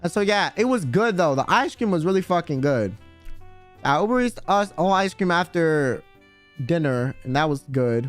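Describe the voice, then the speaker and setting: A man with a high voice chats casually on a stream, rambling through a story full of slang and swearing. Soft music plays quietly behind him. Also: expressive, normal speed.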